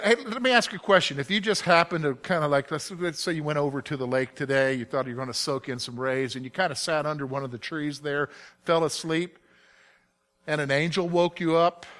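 A male preacher gives an emphatic sermon and keeps putting direct questions to his listeners. His voice sits high for a man and has a bright, ringing tone.

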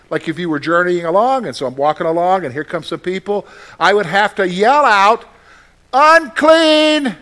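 A male pastor preaching a sermon, animated, with frequent rhetorical questions to his listeners. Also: sits high.

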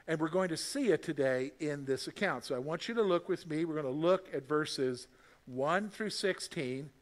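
A man preaching a sermon in a fairly high voice. He talks to the congregation in a conversational, emphatic way, and his voice rises and swells on key points. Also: animated. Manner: reads scripture aloud in a measured voice. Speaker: pastor.

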